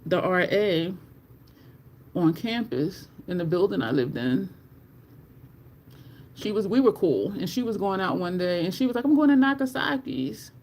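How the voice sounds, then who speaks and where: Livestream beauty host, casual chat, animated, talkative, mid-pitched voice, faint background hiss. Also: unhurried, pauses often. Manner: chatty and animated, addresses viewers as y'all. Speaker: livestream host reviewing makeup.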